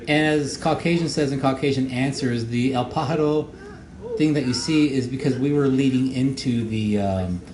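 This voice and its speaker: A man who made the show gives casual audio commentary, rambling and halting with many fillers and repeated words. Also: mid-range voice, a crowd in the background. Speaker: show creator giving commentary. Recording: echoey room with faint noise.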